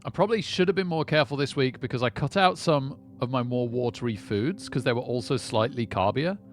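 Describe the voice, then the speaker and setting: A man's voice: mid-range voice, brisk. A man chatting casually to viewers on a live poker stream. He rambles and often repeats words as he starts a sentence. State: lightheaded.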